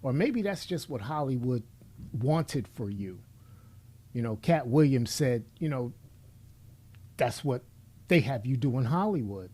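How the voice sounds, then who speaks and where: A middle-aged male commentator speaks straight to the person he's criticizing in a blunt, preachy opinion monologue. His medium-pitched voice is expressive and a little mellow with a slight roughness, and he takes his time, pausing often.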